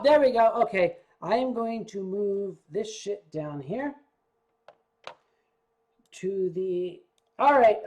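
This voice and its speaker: A man's voice: sits high, darkish tone. An older man hosting a livestream, tipsy from drinking and rambling along with stammers and swearing. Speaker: livestream host.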